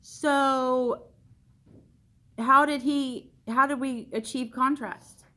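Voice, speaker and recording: A woman's voice: high-pitched, fairly even intonation, very slow, bright, forceful tone. A woman art teacher leading a classroom discussion, asking questions and repeating students' answers back to them.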